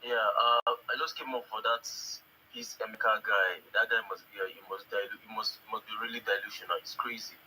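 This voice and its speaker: A man's voice: fairly low pitch, fairly even intonation, a little fast, pushed and bright, a little hiss or hum, poor audio. A man on a live audio chat, delivering an angry, profane political rant and sometimes mimicking other people's voices.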